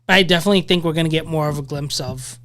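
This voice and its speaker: A woman's voice: low voice, very fast, crowd noise. A young woman co-hosting a casual podcast chat, eager and chatty with lots of likes. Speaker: podcast co-host.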